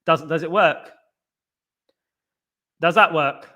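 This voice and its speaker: Man, fairly high voice, casual live-stream football host, playful chant singing. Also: slow, pushed and bright. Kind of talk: live watchalong chat.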